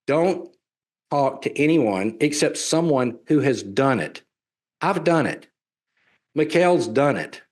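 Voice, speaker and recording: A man with a gentle Southern US accent talks through an investment pitch at a middle pitch. He is folksy and persuasive, leaning on homespun comparisons and circling back to repeat his main points. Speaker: real estate investment presenter. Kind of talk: sales presentation.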